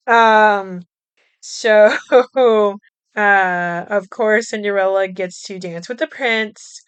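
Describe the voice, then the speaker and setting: A young woman hosting a podcast, recapping a movie in a chatty way, with frequent laughs, swearing and quick asides. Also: mid-range voice, smooth, dry recording. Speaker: podcast host.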